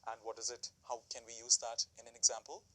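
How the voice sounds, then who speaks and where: A man giving a recorded English lesson, his voice very bright and forward with a husky edge. He talks the viewer through each phrase with example sentences and asks them questions. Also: mid-range voice, monotone, fast talker, poor audio. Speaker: English teacher.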